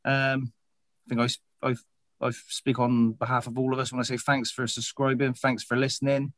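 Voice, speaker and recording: A man, hosting a podcast in a relaxed, rambling chat. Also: mid-range voice, normal speed, no room sound. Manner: laid-back, rambling, wrapping up the episode. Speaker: podcast host.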